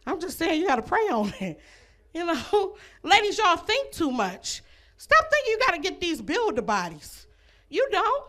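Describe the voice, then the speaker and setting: Woman comic, high voice, lively swooping delivery, brash and bawdy stand-up. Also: unhurried. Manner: brash and bawdy, addressing the ladies in the crowd; laughs at her own jokes between lines. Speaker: stand-up comedian. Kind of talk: stand-up comedy set. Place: comedy club stage.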